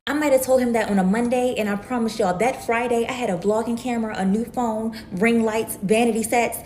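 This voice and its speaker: A woman's voice: on the high side, steady tone, fairly quick, few pauses, darkish tone, slight background noise. A woman content creator, telling a story to camera in a sassy, emphatic way and calling listeners "baby.".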